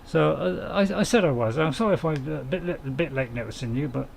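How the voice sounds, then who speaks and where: A man's voice: on the high side, lively intonation, brisk, vocal fry, a little hiss or hum. A man, casually commenting on a farming game while streaming and chatting to viewers in a rambling, self-mocking way.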